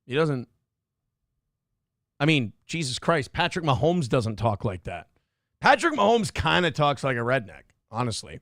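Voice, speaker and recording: A man's voice: mid-range voice, very animated, normal speed, fairly bright tone, no room sound, studio quality. A man hosting a talk show, talking casually with crude, sarcastic, mocking jabs. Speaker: show host. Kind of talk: casual profane commentary.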